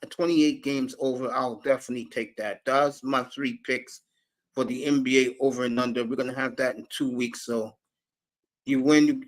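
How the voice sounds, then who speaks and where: A man hosting a live sports talk stream, brash and profane, calling out chat viewers by name. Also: medium pitch. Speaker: sports talk show host.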